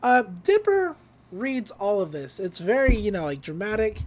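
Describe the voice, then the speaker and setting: With a medium-pitched, sing-song voice at a moderate pace, this woman hosts a podcast and walks listeners through a cartoon episode. Her manner is casual, chatty and eager, with plenty of fillers.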